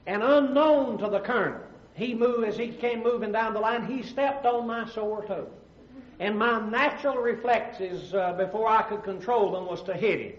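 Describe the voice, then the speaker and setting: A man voicing a plain-spoken army sergeant, explaining himself slowly and earnestly. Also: high voice, close to an everyday voice. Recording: roomy, dull old comedy record.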